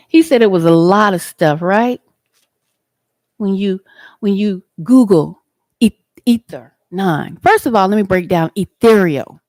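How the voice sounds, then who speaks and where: A woman talks to her online viewers in a slow, deliberate way, half chatting and half preaching. The sound is dry and close. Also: on the low side, a little mellow, no echo. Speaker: livestream host. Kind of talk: casual livestream chat and teaching. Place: outdoors.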